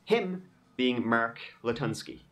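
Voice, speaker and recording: A man's voice: medium pitch, expressive, takes it slowly, over loud music. A man hosting a true crime podcast, telling the case in a conversational way with wry asides. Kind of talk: casual true crime narration.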